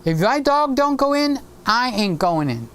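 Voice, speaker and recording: A man's voice: very high-pitched, very animated, a little slow, a bit bright, clear, resonant tone, voice pushed up, full character voice. A man voicing a folksy country man who travels with his dog, in a drawling, indignant way, while telling a joke.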